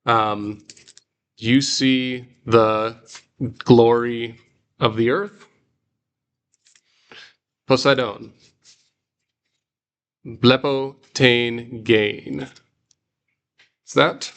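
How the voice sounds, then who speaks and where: A man's voice: medium pitch, fairly even intonation, drawn-out words, pauses often, a bit bright, clean tone. Man teaching a class with patient restarts. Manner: patient, explains step by step with many fillers and restarts. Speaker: Greek teacher. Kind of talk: guided reading lesson in class.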